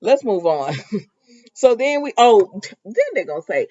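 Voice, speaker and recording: A woman's voice: on the low side, expressive, measured pace, darkish tone, muffled recording. A woman giving a casual, sassy recap of a soap opera episode. She laughs often and talks back to the characters.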